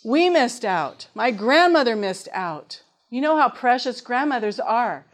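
A woman's voice: fairly high pitch, big pitch swings, a little slow. A middle-aged woman preaching a sermon in an earnest way, reading scripture aloud and asking her listeners questions.

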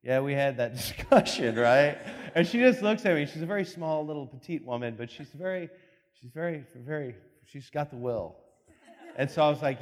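A man preaching a sermon as pastor, telling stories with comic asides and quick laughs, in a reverberant church hall. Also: a little high, animated.

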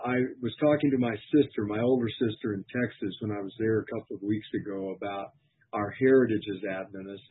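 A man's voice: lowish voice, breathy edge. A middle-aged man, a pastor, giving an earnest, reflective personal testimony sermon. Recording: tinny phone-like sound.

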